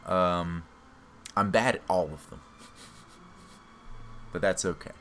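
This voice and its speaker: A man's voice: deep voice, very slow, a bit bright, a little hiss or hum. A man hosting a let's play, commenting on the game in a chatty, self-mocking way. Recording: game music playing behind the voice.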